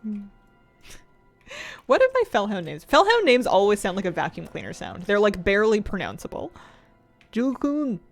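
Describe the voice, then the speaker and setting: A woman's voice: mid-range voice, wildly swooping pitch, moderate pace, gravelly, long pauses, faint music behind. A woman streaming a game, chatting casually in a rambling, playful way, laughing often and answering chat.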